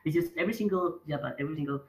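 A man's voice: fairly high pitch, racing, low-quality recording. A Spanish man with a strong Spanish accent, guest on a podcast, chatting in a rambling, profane, self-mocking way. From Spain. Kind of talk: casual chat. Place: home room.

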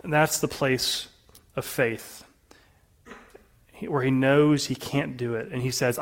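A man preaching a sermon to his congregation in an earnest way, often dropping to a soft, low voice for emphasis. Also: steady tone, takes it slowly, pauses often. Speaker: pastor.

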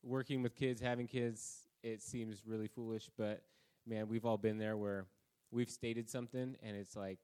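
A man's voice: on the low side, steady tone, normal speed, few pauses, dark tone, clean tone. Self-deprecating man preaching a casual sermon. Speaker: pastor. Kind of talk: conversational sermon.

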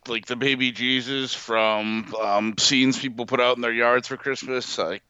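A man's voice: medium pitch, fairly even intonation, unhurried, bright, forceful tone, smooth, no echo, muffled recording. A man from the northeastern United States co-hosting a podcast, joking crudely with plenty of swearing and loose, rambling talk. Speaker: podcast co-host. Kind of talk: casual podcast chat. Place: remote call line, dry, music underneath.

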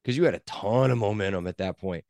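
A man's voice: on the low side, fast, vocal fry, darkish tone, dry recording, clean studio sound. A man co-hosting a sports podcast, arguing his points in casual chat and repeating himself for emphasis. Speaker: podcast co-host.

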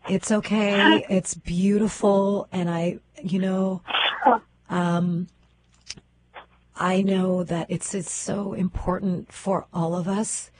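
A woman radio host with a low, husky voice who talks slowly and deliberately. She speaks earnestly to her guest and listeners, with a measured, advocating tone. There are pauses and fillers as she gathers her thoughts. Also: a little mellow, poor audio. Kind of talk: talk radio interview.

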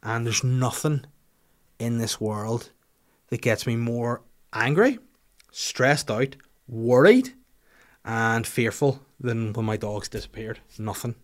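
A Northern Irish man hosting a podcast tells an animated, self-deprecating story full of swearing in casual conversation. His voice is medium-pitched and slow, with long pauses.

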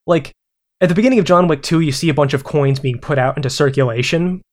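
Young male co-host, slightly high voice, loose rambling delivery full of restarts, casual chat. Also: quick pace. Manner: rambling, many restarts and fillers.

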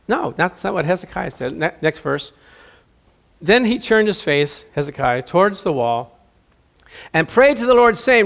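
A middle-aged man preaching a sermon in a lively, joking way, acting out the voices of Bible figures. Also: high voice, moderate pace. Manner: animated, jokey, acts out Bible voices.

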